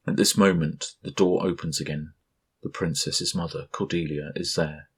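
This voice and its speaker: Deep husky male storyteller. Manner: calm, measured reading. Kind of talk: scripted storybook narration.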